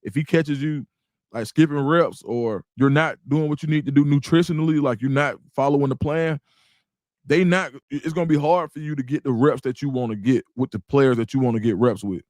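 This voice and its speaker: A middle-aged man with an Atlanta accent, hosting a casual livestream, reading chat comments and talking in a loose, animated, slangy way. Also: medium pitch, a little fast, no room sound. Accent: Atlanta Black Southern English. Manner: animated, repeats words, slangy, reads chat aloud. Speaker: livestream host.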